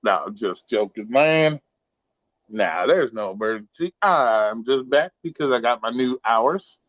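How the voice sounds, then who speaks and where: A man chats casually on his own livestream, swearing freely and drifting from thought to thought. The sound is dull and lo-fi, with a dry, close feel. His pitch sits mid-range. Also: lively intonation, a little slow, no room sound. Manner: loose, profane, rambling. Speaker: live stream host. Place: home bedroom. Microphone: modest home mic. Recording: dull lo-fi home stream audio.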